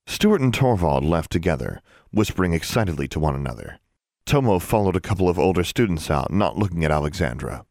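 A man narrating an audiobook with a deep, low voice. His delivery is expressive and the pitch rises and falls freely. The sound is dry and close to the mic. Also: no room sound. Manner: expressive storytelling.

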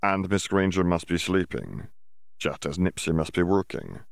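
A man's voice: sits low, sing-song, normal speed, gravelly, dry recording, studio quality, heavily acted. A man voicing a humble, earnest male house elf who speaks of himself in the third person with odd grammar.

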